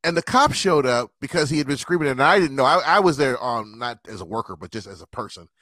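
A man telling stories in a casual chat, animated and profane, often laughing. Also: medium pitch, fast, dry recording, studio quality.

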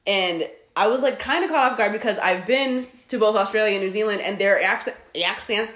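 A woman co-hosting a podcast, reading a listener letter aloud and telling her own stories in a chatty, animated way. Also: mid-range voice, a little fast. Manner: chatty and animated, breaks into laughter. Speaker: podcast co-host. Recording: roomy echo.

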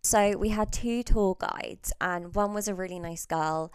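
A woman's voice: mid-range voice, unhurried, clean tone, dry recording. A young adult woman vlogger telling a holiday story in a casual, chatty way, swearing freely and laughing between sentences.

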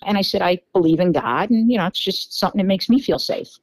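A woman with a New York accent telling a dating story in a casual podcast interview, animated and full of fillers, acting out quoted dialogue. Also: mid-range voice, quick pace, no room sound, low-quality recording. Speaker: podcast guest.

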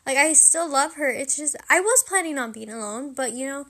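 A woman's voice: sits high, moderate pace. A young woman hosting a podcast, rambling through a personal story in a casual, self-deprecating way. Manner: rambling, self-deprecating, animated when quoting herself.

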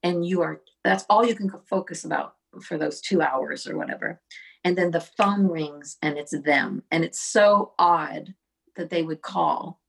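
A middle-aged woman, a songwriter guest, telling stories in a lively podcast chat with many restarts. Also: sits low, measured pace, creaky, husky. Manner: storytelling, animated, with restarts. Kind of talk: casual podcast conversation.

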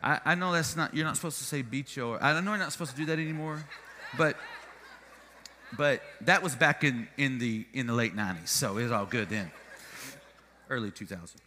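A man's voice: medium pitch, a little fast, big-room sound. A male pastor preaching a sermon, telling stories with humor and energy. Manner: animated storytelling with humor.

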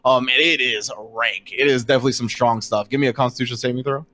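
A man's voice: medium pitch, steady tone, quick pace, bright, forceful tone. A man narrating as game master in a casual, filler-heavy way.

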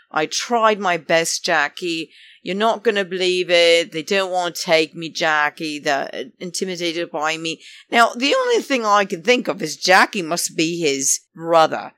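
A woman's voice: fairly low pitch, fairly bright tone, dry recording. Gossipy woman, dry close sound. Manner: chatty, gossipy, laughs often, addresses viewers as darlings. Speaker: reality show commentator. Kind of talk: casual commentary vlog.

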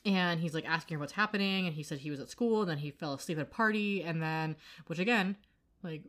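A woman's voice: on the low side, fast talker, fairly bright tone. A woman co-hosting a podcast, casually recapping a TV episode, full of fillers and acting out the characters' lines. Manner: chatty, acts out quoted lines, lots of fillers. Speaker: podcast co-host.

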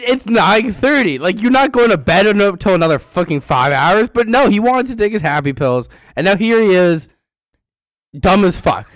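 A young man co-hosting a casual podcast, teasing his friends in an animated, fast way. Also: high voice, no room sound, clean studio sound. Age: young adult. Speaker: podcast co-host. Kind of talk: casual chat.

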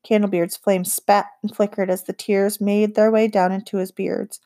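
A woman reads a children's fantasy novel aloud in a calm, measured way. Her voice sits at an everyday pitch and carries the story steadily. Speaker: audiobook narrator. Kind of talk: scripted audiobook narration.

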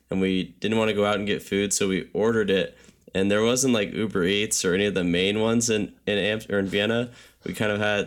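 A young man casually telling a travel story on a podcast, animated and full of filler words. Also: fairly low pitch, clear, resonant tone.

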